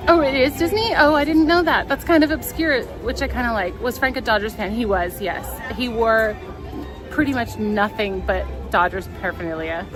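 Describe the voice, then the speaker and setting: A woman with a voice on the high side talks at a normal speed in a casual live stream from a crowded outdoor theme park, filming on a handheld phone. Tearful and holding back emotion, she laughs nervously as she talks herself through her nerves. Crowd noise and park music play behind her, and the recording is low quality.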